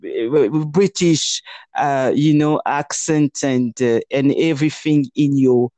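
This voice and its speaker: A woman's voice: extremely low pitch, mellow, no room sound. Earnest Congolese French-accented woman, dry close sound. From Democratic Republic of the Congo. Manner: earnest, halting, with many restarts. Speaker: podcast co-host. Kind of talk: casual podcast chat.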